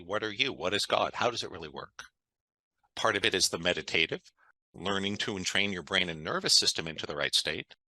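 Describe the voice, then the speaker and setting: Low-pitched and sharp in tone, this man speaks on poor audio with no room sound. He's an interview guest telling stories enthusiastically and conversationally, frequently tossing in "right?" to check in.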